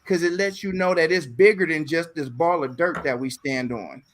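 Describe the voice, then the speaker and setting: A man hosting a casual talk show, telling stories in an animated way, repeating phrases and acting out voices. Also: a little high, normal speed, a little hiss or hum. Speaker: podcast host. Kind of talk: casual chat.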